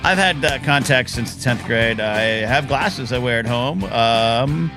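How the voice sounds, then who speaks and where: A man's voice: medium pitch, measured pace, over music. A man in his fifties hosting a live talk show, rambling and jokey with bursts of mock outrage. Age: 50s.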